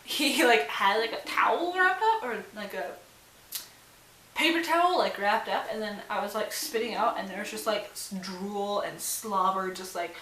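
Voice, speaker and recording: A woman's voice: medium pitch, normal speed, bright, forceful tone. A young woman telling a story to camera in casual, rambling vlog style, full of fillers and swearing. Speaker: vlogger. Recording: roomy sound with faint hiss.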